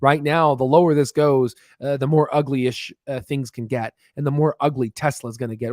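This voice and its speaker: Brief: man, mid-pitch, dry close sound, rapid chart-walkthrough teacher, lots of "uh"s. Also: steady tone, darkish tone, no room sound. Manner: many fillers and restarts, talks fast on purpose. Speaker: stock market educator. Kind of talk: chart walkthrough, casual explainer.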